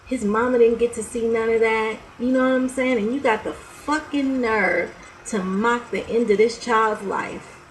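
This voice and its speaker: A woman's voice: fairly high pitch, normal speed, a little hiss or hum, low-quality recording. A young woman vlogger talking to the camera in a heated, blunt, profane rant, breaking off with laughs and sighs.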